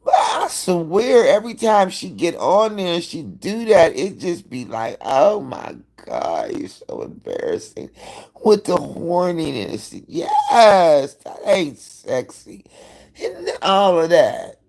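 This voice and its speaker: A man hosting a live stream, dishing gossip with plenty of cursing and theatrical flair. His voice sits fairly high and swings widely, slow and drawn out with a gravelly fry. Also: huge pitch swings, a little mellow. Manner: profane, dramatic, gossiping. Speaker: livestream host. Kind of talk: casual live-stream chat.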